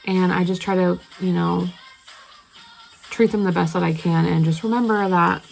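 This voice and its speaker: A woman's voice: on the low side, fairly even intonation, moderate pace, vocal fry, a little mellow, faint music behind, low-quality recording. A young woman vlogging casually, rambling through a story while she does her makeup. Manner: rambling, chatty, lots of fillers. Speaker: beauty vlogger.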